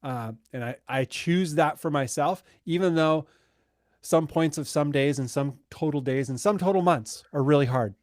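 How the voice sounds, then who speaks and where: A man's voice: fairly high pitch, moderate pace, dry recording, studio quality. A man in his thirties co-hosting a podcast in casual chat, easygoing and rambling, laughing often. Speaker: podcast co-host.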